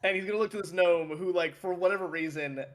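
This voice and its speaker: A man's voice: sits high, fast. A man playing a tabletop game, rambling casually with lots of "like". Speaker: player. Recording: noisy mic.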